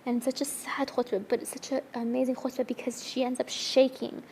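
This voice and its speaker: A woman's voice: high voice, flat delivery, brisk, a little mellow, a little hiss or hum. A woman telling a religious story in an earnest, emotional way during a discussion, often restarting her sentences.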